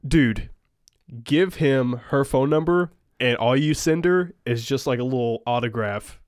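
A man co-hosting a podcast who throws in quick wisecracks. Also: medium pitch, no room sound, clean studio sound. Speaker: podcast co-host. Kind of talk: casual chat.

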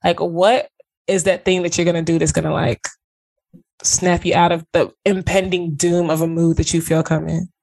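A woman's voice: on the low side, level tone, moderate pace, gravelly, a little mellow. Woman co-host on a podcast, blunt and playful, lots of slang. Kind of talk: casual chat.

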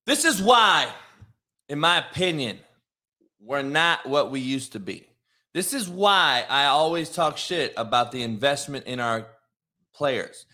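Profane middle-aged male host, brash rant, animated bright delivery. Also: fairly high pitch, measured pace. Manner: brash, profane, shouting and laughing at commenters. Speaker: host, former coach. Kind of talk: profane live-stream rant.

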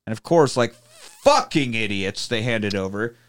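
A man's voice: on the low side, moderate pace. A man casually recapping a movie plot with profanity, acting out the characters' lines as he goes. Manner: profane, animated storytelling with acted-out quotes. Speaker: podcast host.

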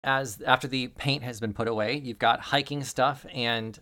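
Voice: medium pitch, fairly even intonation, normal speed, sharp tone. A game master casually narrating and describing scenes in a tabletop game.

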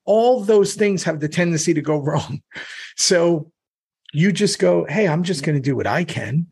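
Pria bersuara serak yang bicara berputar-putar. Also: male voice, on the high side, animated, moderate pace, a little mellow, breathy edge. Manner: rambling, meandering, with many restarts. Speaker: podcast co-host. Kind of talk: casual podcast chat.

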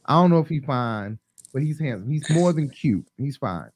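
A man hosting a casual live-stream chat, talking loosely and rambling with lots of ums, openly high. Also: expressive, moderate pace, a little mellow, husky, no echo, poor audio.

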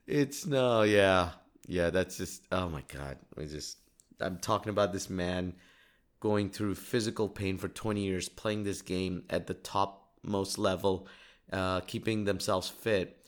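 A man's voice: on the low side, normal speed. A man in his thirties from Dubai hosting a casual solo podcast, rambling and self-deprecating, laughing often and restarting his sentences. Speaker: podcast host.

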